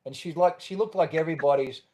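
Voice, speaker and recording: An Australian man speaks as a podcast guest, candid and animated, slipping into the voices of the people he quotes. His voice sits a little higher than most men's. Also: fast talker. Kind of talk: storytelling in a podcast interview.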